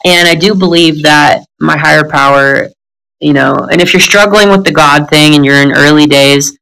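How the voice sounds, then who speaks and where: Blunt, bright-voiced woman telling stories. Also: low-pitched, moderate pace, creaky, clear, resonant tone, poor audio. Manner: blunt, profane, laughing storyteller. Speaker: guest telling her recovery story. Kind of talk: candid podcast conversation.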